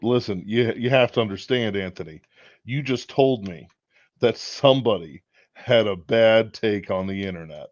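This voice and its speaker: Male co-host, low register, deadpan teasing, muffled dry audio. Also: normal speed, dry recording. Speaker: podcast co-host. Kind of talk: casual chat.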